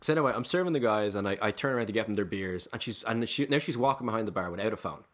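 A man who works as a bartender, telling a story on a podcast, animated, swearing freely and often restarting his sentences. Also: fairly low pitch, rapid-fire. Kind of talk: casual storytelling.

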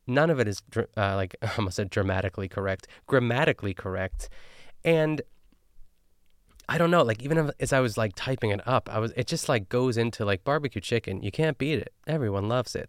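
A man's voice: mid-range voice, clean tone, dry recording, studio quality. A man hosting a podcast, recapping a cooking show in casual, chatty talk full of fillers. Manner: chatty, filler-heavy, animated. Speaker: podcast host.

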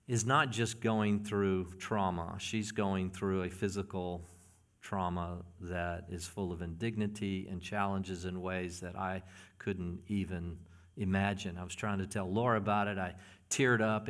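A man preaching a sermon as pastor, earnest and often hushed, building into emphatic passages. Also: low-pitched.

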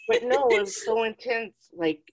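A woman's voice: fairly high pitch, normal speed. A woman co-hosting a casual podcast, telling rambling stories with giggles and plenty of swearing. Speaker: podcast co-host. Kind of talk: casual chat.

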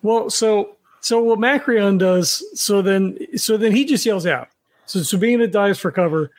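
A man's voice: sits high, unhurried, no echo. A man playing a tabletop game, chatty and full of questions. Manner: chatty, questioning, many restarts. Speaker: player.

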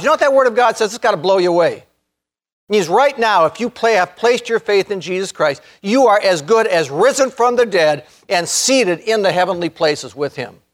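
Male preacher, high-pitched, earnest sermon delivery that slows and swells for emphasis. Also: lively intonation. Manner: earnest, rising to fervent emphasis, slows to stress key words. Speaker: pastor.

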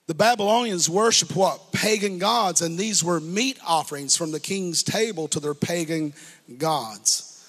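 A man's voice: a little high, fairly bright tone. A man preaching a sermon to a congregation, building fervor and speaking straight to the listeners. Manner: preaching with rising fervor, call-and-response asides. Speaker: pastor. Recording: reverberant hall.

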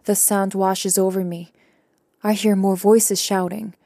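A young adult woman reading a first-person story aloud in a calm, even narration with quiet character voices. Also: medium pitch, a little slow, dry recording, studio quality. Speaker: audiobook narrator.

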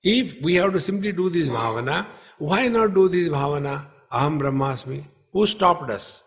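A man giving a spiritual discourse at a retreat, speaking slowly and emphatically and chanting Sanskrit verses. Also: sits high, lively intonation. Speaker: spiritual teacher. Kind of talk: scriptural discourse. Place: retreat hall.

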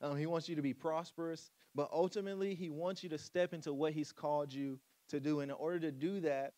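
Male pastor, casual joking sermon delivery, slightly high voice, dry close sound. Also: fairly even intonation, brisk, dark tone, no room sound. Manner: casual, joking preacher voice with "come on" asides.

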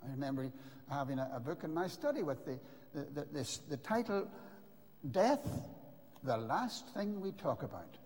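An older man preaching a sermon, earnest and emphatic, with dramatic pauses. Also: on the high side, expressive, a little mellow. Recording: long reverb of a large hall.

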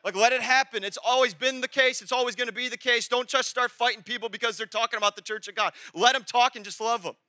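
Male pastor, high and very bright voice, casual sermon delivery with loud bursts, dry close sound. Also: fast talker, hardly any pauses, no echo. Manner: energetic, conversational preaching with sudden loud peaks.

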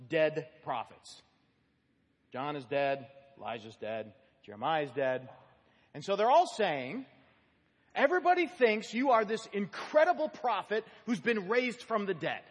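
A man preaches in a church sanctuary, his slightly high, husky voice rising and falling with lively emphasis. He teaches through the passage line by line, stressing single words and asking the room questions. The sound carries a long reverb from the hall. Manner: animated teaching, stresses key words, asks the congregation questions. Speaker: pastor. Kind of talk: expository sermon.

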